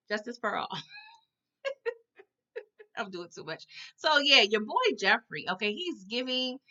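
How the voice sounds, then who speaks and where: Bright, animated woman recapping a show. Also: on the high side, slow, pauses often, muffled recording. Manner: animated, dramatic, tags lines with "okay?" and "all right?". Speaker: TV episode recap vlogger. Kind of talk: casual recap commentary.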